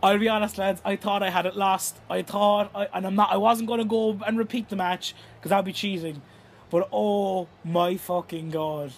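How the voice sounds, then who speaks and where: A young Irish man giving live, excitable commentary on a football video game, swearing and shouting at the action. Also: high voice, brisk, hardly any pauses. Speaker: gaming YouTuber.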